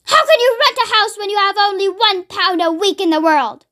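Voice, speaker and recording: A woman voicing a cruel middle-aged aunt in a storybook, shouting her lines loud and drawn out. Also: very high voice, normal speed, voice pushed up. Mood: furious. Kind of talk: read-aloud storybook acting.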